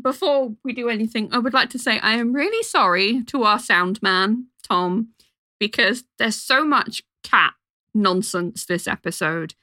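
A woman co-hosting a casual podcast, playful and quick to giggle. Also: fairly high pitch, bright, forceful tone, no echo. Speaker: podcast co-host.

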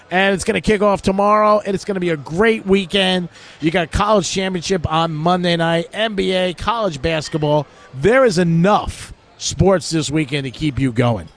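A middle-aged man hosting sports betting talk radio, chatty and joking as he tells stories. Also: fairly high pitch. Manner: chatty storytelling with jokes.

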